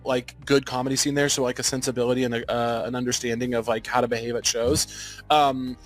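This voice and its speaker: A man who is a stand-up comedian, telling stories as a guest in a casual podcast chat, rambling quickly with many restarts. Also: medium pitch.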